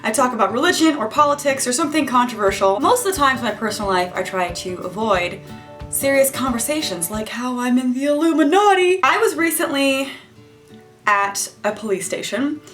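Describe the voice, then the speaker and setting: A woman's voice: high voice, lively intonation, fairly quick, a bit bright, faint music behind. Wry, chatty young woman vlogger. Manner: chatty, wry, self-mocking. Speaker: YouTuber. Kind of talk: storytelling vlog. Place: home room with camera lights.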